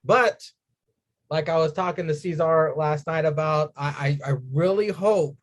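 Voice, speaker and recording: Animated higher-voiced man ranting casually. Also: unhurried. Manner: animated, swearing, acts out his own reactions. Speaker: podcast co-host. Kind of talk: casual wrestling podcast chat.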